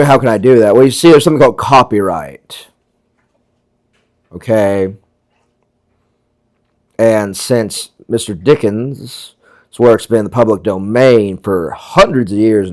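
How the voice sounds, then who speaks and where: A man, a small video creator, chatting casually in a rambling way and interrupting himself with asides. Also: fairly low pitch. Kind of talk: casual vlog chat.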